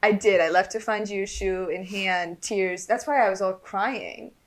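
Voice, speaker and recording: A woman's voice: medium pitch, unhurried. A woman co-hosting an improvised comedy podcast, telling a story in a playful, giggly way. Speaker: podcast co-host.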